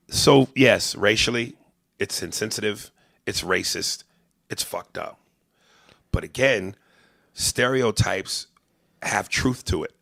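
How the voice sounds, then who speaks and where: A man hosting a comedy podcast, talking in a profane, animated way and breaking into impressions. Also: lowish voice, unhurried, creaky, pauses often, no echo. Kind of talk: casual comedy podcast chat.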